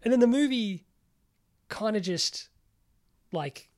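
Podcast co-host, man, slightly high-pitched, chatty and animated, swears casually. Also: takes it slowly. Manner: rambling, animated, swears freely, lots of "like". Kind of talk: casual chat.

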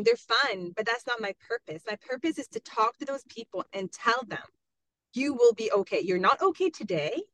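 A middle-aged woman talking frankly in a casual podcast chat, animated and full of "like" as she tells stories. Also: mid-range voice. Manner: frank, animated storytelling with lots of "like". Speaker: podcast guest. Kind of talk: casual conversation.

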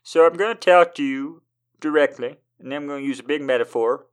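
A man voicing a smug, wordy poem that speaks straight to its reader in a quick, pompous way, pitched a little higher than his own voice. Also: clean tone, natural voice.

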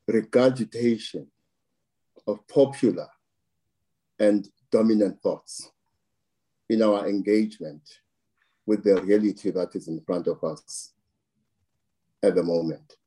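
A man speaks in a very dark, mellow voice with a slightly husky edge. He talks at a slow, deliberate pace, piling up phrases for emphasis as he gives political commentary. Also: lowish voice, fairly even intonation.

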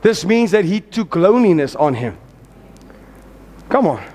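A man preaching a sermon with fervent, exhorting energy, rising to shouts and calling on the congregation to repeat his words. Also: high-pitched, big pitch swings, unhurried. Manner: calls on the congregation to repeat after him.

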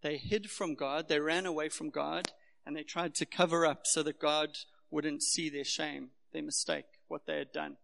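A man's voice: a little high, little pitch movement, normal speed, creaky, fairly bright tone, slight background noise. A man from Durban with a South African accent, preaching a sermon in a church in an earnest, personal, conversational way. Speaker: pastor. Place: church hall. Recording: echoey hall.

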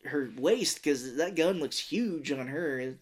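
A man's voice: on the high side, lively intonation, takes it slowly. A man in his thirties co-hosting a casual movie podcast, recapping scenes at length and acting out lines in silly voices. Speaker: podcast co-host. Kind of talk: casual movie-review chat.

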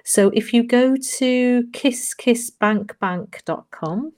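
A female podcast co-host who speaks slowly and rambles, filling her speech with hesitations and soft laughs. Her tone is casual and unhurried. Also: a little high. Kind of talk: casual chat.

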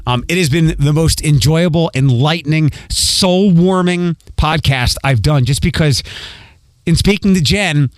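Male podcast host with a faint Philly accent; chatty and meandering, pitched a bit high, dry studio sound. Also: a little slow, dry recording. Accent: light Philadelphia. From Philadelphia. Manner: rambling, with frequent ums and repeats. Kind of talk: casual podcast monologue.

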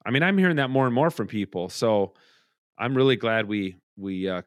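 A middle-aged man hosts a podcast from a room at home, chatting casually and rambling with restarts. His lowish voice is animated and a little fast, and the sound is studio quality with no room sound.

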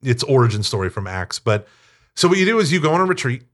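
Chatty, animated male interview guest. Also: mid-range voice, fast talker. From United States. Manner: talkative, animated, acts out quoted speech. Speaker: interview guest, Catholic teacher. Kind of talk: casual storytelling interview.

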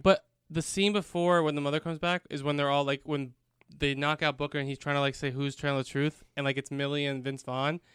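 Smooth-voiced man in a casual podcast chat. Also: on the high side, flat delivery, fairly quick, fairly bright tone, no room sound, clean studio sound. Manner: chatty, laughs often, asks questions. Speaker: podcast co-host.

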